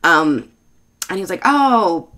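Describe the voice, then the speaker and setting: A woman in her thirties rambles through a casual monologue, swearing freely and laughing at herself. Her voice sits on the lower side, yet its tone is bright and forceful. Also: expressive, normal speed. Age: 30s. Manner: profane, self-mocking, laughs often. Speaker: bartender and show host.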